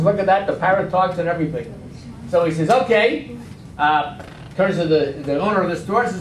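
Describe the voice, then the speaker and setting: A man's voice: high voice, fast. Older man telling a joke from across a hall. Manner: animated storyteller, acting out voices of characters. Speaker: club member telling a joke. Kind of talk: live joke telling to a club audience. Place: large room at a club meeting. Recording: echoey hall from far off, faint noise.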